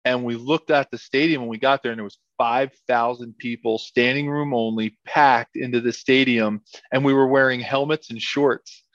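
A man's voice: medium pitch, steady tone, normal speed, no room sound, dull audio. Rambling middle-aged man telling football stories. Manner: rambling, repeats words, many fillers. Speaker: former football lineman, guest. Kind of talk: casual interview storytelling.

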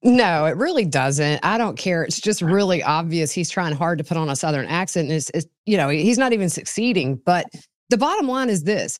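A woman's voice: lowish voice, animated, brisk, no echo. Blunt Southern woman, dry close sound. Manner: blunt and opinionated. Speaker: podcast guest. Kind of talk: casual podcast chat.

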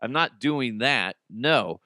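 Male podcast host in his thirties: blunt, crude, self-mocking; bright tone, dry close mic. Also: mid-range voice, expressive, slow, no echo. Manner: profane, blunt, self-mocking, laughs often. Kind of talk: casual solo podcast rant.

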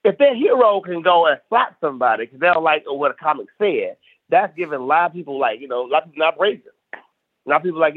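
A man's voice: on the high side, expressive, quick pace, no room sound. A man from South Carolina, a stand-up comedian guest, chatting casually and emphatically, repeating phrases as he rants. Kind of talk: casual podcast chat. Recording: tinny phone-like dry sound.

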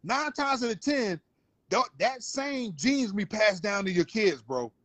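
An insistent man making his case in a heated sports argument and calling everyone bro. His voice is fairly high. The recording is dry and close. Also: animated, unhurried, a bit bright, dry recording. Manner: insistent, repeats himself, calls people bro.

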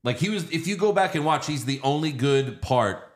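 A man in his thirties co-hosting a casual movie review podcast, profane and animated, slipping into quick impressions. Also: on the high side. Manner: profane, animated, mimics actors in quick bursts. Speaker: podcast co-host.

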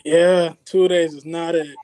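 A man's voice: fairly high pitch, little pitch movement, measured pace, dark tone, poor audio. A man appearing as a guest on a sports podcast, laid-back and agreeable in casual chat.

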